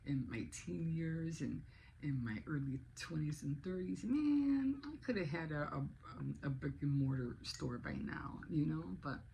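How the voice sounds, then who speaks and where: A woman's voice: deep voice, big pitch swings, unhurried, creaky, warm tone, slight background noise, low-quality recording. A woman in her sixties chatting casually in a vlog, rambling along with many restarts. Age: 60s. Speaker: vlogger. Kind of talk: casual chat.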